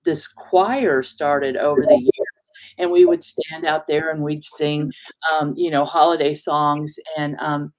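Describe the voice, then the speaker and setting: A woman guest, a reverend and singer, speaking reflectively and from the heart, with many small pauses. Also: deep voice, fairly even intonation, a little mellow. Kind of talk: casual conversation.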